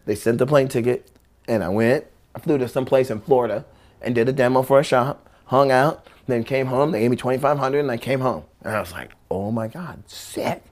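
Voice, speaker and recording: A man's voice: medium pitch, a little fast, darkish tone. A man and former pro skateboarder telling stories in casual talk, acting out quotes in many voices and swearing freely. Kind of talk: casual storytelling.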